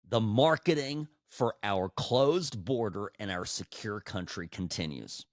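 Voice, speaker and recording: A man hosting a political commentary podcast, talking in an animated, sarcastic way with frequent restarts, into a studio microphone. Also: lowish voice, unhurried, hardly any pauses, no echo. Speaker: podcast host.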